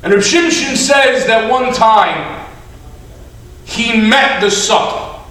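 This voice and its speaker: A man, a rabbi, preaching a sermon with stories, animated and drawn out for emphasis, recorded in a synagogue. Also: very high voice, takes it slowly. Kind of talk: sermon with storytelling. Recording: echoey hall, mic at a distance.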